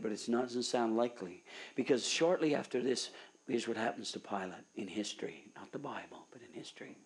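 Fervent preacher, hushed to loud. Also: male voice, medium pitch, gravelly, husky. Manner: swings from hushed whispers to loud fervent urging. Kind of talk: sermon.

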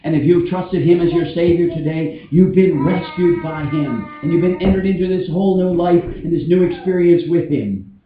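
A man's voice: a little high, normal speed. A man preaching a sermon, earnest and emphatic, drawing out key words for weight. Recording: echoey, distant, muffled church mic.

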